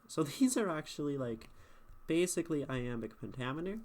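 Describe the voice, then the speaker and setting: A man's voice: on the high side, big pitch swings, normal speed, a little mellow. Man critiquing poetry on stream. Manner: thinking aloud, asks chat questions with many "right?"s.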